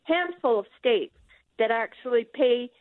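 A woman's voice: fairly high pitch, expressive, measured pace, no room sound. An older retired woman calling in to a radio show, speaking firmly and with indignation. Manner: indignant, firm. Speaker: caller. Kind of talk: caller on talk radio. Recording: phone line.

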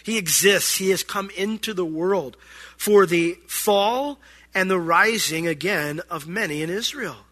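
A man's voice: high voice, measured pace, fairly bright tone. A man, a pastor, giving a conversational sermon with acted-out asides from everyday family life.

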